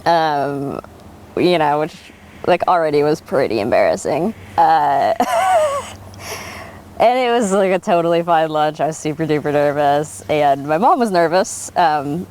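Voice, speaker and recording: Low-pitched woman chatting in an interview, lots of "like" and "um", laughing a lot. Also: measured pace, a little hiss or hum. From Oregon. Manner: animated, laughs often, many fillers. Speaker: winery worker being interviewed. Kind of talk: oral history interview, casual storytelling.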